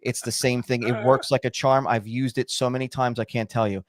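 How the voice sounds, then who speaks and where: A man's voice: medium pitch, fairly quick, no room sound. Chatty man with a dry close sound. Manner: relaxed, chatty storytelling. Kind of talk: casual chat.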